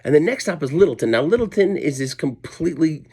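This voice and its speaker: A man's voice: a little high, expressive, fast, warm tone, husky. A middle-aged man and comedian telling a rambling, self-deprecating story at home late at night, full of asides and restarts. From Colorado, USA. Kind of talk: casual storytelling monologue.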